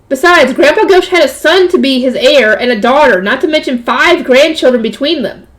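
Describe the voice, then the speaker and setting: A woman's voice: sits high, expressive, fairly quick, hardly any pauses. A woman reading a light novel aloud, stopping often to add casual jokey comments. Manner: breaks off to comment and joke. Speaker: reader.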